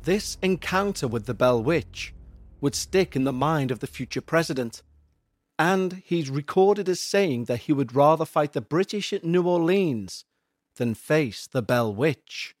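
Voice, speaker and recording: A man's voice: a little high, lively intonation. Man narrating a spooky tale. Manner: measured, suspenseful delivery. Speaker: podcast narrator. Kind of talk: scripted horror storytelling.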